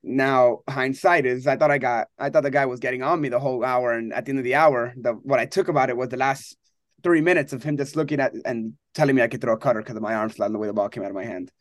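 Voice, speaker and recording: A young man, a college baseball pitcher, chatting casually and telling animated stories, acting out quotes and laughing often. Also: quick pace, dry recording, clean studio sound. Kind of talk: casual interview chat.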